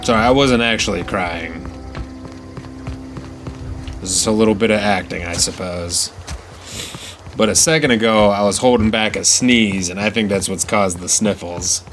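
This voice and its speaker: A man's voice: fairly low pitch, moderate pace, long pauses, a bit bright, slight background noise. A man giving casual, wry, self-mocking commentary while streaming a video game. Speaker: gaming streamer. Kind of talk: casual let's-play commentary.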